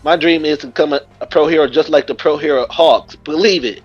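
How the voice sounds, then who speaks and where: A man's voice: fairly high pitch, brisk, husky, soft background music. A man voicing a brash, cocky teen boy ninja hero in a casual, boastful storytelling voice, on a muffled recording. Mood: upbeat.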